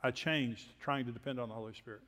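An older man from Texas, a preacher telling personal stories in a sermon with folksy, self-deprecating humor and quiet asides. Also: medium pitch, steady tone, fast talker, slight background noise. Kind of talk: sermon storytelling. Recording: long hall reverb.

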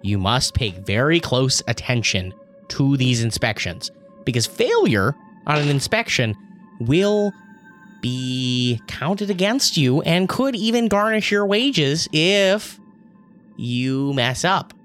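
A man voicing a fussy, stern male gnome inspector who gives slow, officious warnings. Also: medium pitch, animated, a bit bright, faint music behind.

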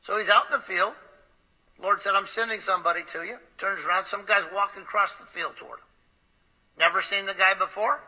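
A man's voice: high voice, a little fast, bright, forceful tone, poor audio. A man preaching, telling a story in a conversational way with frequent hesitant fillers. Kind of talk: storytelling sermon.

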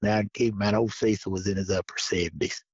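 Gravelly guy spinning a yarn, husky voice, dry dull lo-fi sound. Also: on the low side, fairly even intonation, fast talker, no room sound. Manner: folksy, rambling, acts out quoted dialogue. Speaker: guest telling hunting stories. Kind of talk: casual storytelling.

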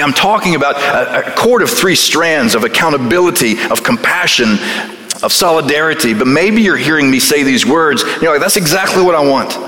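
Man, pastor, sermon, folksy, emphatic, bright forceful voice, echoey sanctuary. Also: fairly high pitch. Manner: folksy, emphatic, with rhetorical questions. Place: church sanctuary. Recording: echoey church sanctuary with long reverb.

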